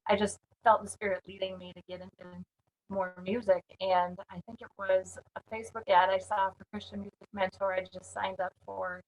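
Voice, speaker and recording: A woman's voice: mid-range voice, flat delivery, normal speed, low-quality recording. A woman from the Minneapolis area speaks in a mid-range voice. She gives an earnest, candid testimonial with a plain delivery. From Minneapolis area, United States. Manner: earnest, candid, with light laughs. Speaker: songwriting community member giving a testimonial. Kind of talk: spoken testimonial.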